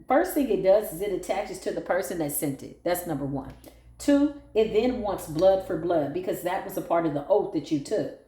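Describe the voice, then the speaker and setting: A sassy woman reads tarot cards and talks straight to her listener. Her delivery is blunt and slangy. Her voice is mellow and darker in tone, and it sits in an echoey room. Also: on the low side. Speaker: tarot reader. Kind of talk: casual tarot reading monologue.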